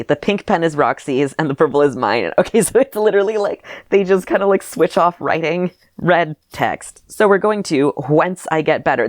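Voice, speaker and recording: A woman's voice: low-pitched, dry recording, clean studio sound. A woman reading her childhood story aloud and mocking it with wry asides and laughter. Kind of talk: comedic reading of old diary with commentary.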